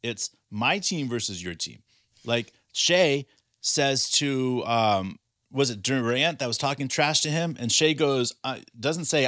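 On a casual sports podcast, a male co-host makes his case through self-answered questions. He speaks unhurriedly with lively intonation, and his mid-pitched, slightly bright voice sounds close and dry, with no room around it.

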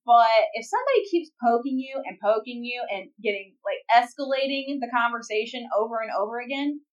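Blunt, opinionated woman co-host, higher voice, heard from a bit away from the mic. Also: lively intonation, a little fast, recorded from a distance, muffled recording. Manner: frank, opinionated, blunt wording, laughs while quoting. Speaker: podcast co-host. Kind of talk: casual chat.

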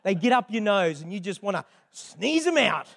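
A man's voice: high-pitched, big pitch swings, moderate pace, vocal fry, fairly bright tone. An older man, a grandfather, preaching a sermon in a chatty, conversational way with frequent asides. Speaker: pastor.

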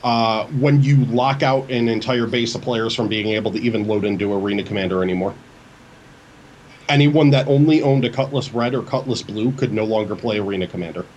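A man co-hosting a casual gaming chat, talking quickly and emphatically as he argues his views. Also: fairly low pitch, a little mellow, highs cut off, slight background noise. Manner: fast, emphatic and opinionated. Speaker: co-host.

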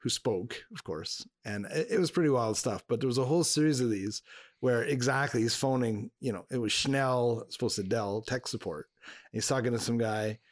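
A man's voice: medium pitch, moderate pace, no echo, studio quality. A man co-hosting a podcast in casual chat, talking freely, laughing often and acting out quoted voices. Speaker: podcast co-host.

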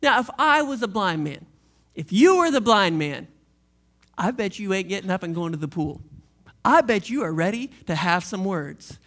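A pastor preaching a sermon in a casual, animated way, full of slang and playful asides. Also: mid-range voice, moderate pace. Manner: animated, conversational storytelling with slang; shifts into a quiet, reflective tone late on.

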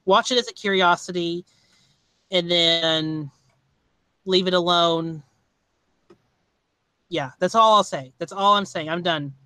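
A man hosting a podcast, talking casually about a movie in a rambling, halting way with many restarts. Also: high voice, bright, forceful tone, clean tone, dry recording. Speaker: podcast host. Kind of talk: casual movie review chat.

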